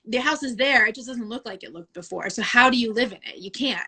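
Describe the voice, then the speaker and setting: A woman's voice: fairly high pitch, animated, quick pace, pushed and bright. A woman talking openly as an interview guest, emotional and frank, often laughing and quoting her own thoughts. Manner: open and emotional, laughs often, quotes herself. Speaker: guest, photographer. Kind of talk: candid interview talk.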